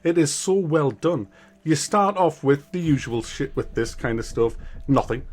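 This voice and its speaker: A man's voice: a little high, animated, measured pace, darkish tone. A man giving a casual video game review, rambling, swearing freely and poking fun at himself. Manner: rambling, profane and self-mocking.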